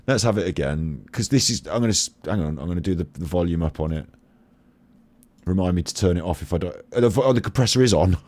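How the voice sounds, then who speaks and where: A man's voice: low-pitched, lively intonation, fast talker, darkish tone. A man streaming casual commentary over a video clip, chatty, laughing and swearing.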